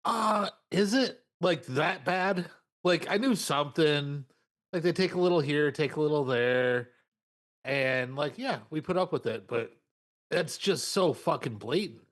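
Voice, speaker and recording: A man's voice: a little high, animated, a little slow, fairly bright tone. A man on a podcast as a returning guest, laid-back and casually swearing.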